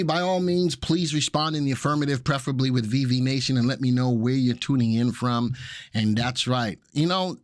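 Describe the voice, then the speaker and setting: A man's voice: medium pitch, no room sound, clean studio sound. A man, hosting a casual stock-market live stream in an upbeat, jokey way and greeting viewers. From Brooklyn, New York. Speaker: livestream host of stock analysis show.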